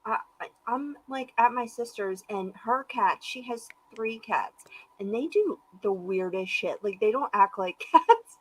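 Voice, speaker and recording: A woman's voice: on the high side, expressive, unhurried, poor audio. Playful woman co-host bantering. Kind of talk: casual live-show chat.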